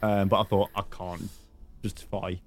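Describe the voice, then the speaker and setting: A man's voice: lowish voice, level tone, moderate pace, faint music behind. A man hosting a podcast in casual chat, rambling with lots of fillers and teasing his guest. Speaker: podcast host.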